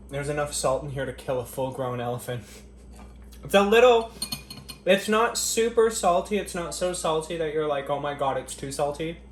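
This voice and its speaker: A man's voice: fairly high pitch, expressive, normal speed. A man doing a casual kitchen vlog at home, joking crudely and profanely to the camera, murmuring happily as he tastes his cooking. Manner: tasting food between lines with appreciative murmurs. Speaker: cooking vlogger. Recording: echoey kitchen.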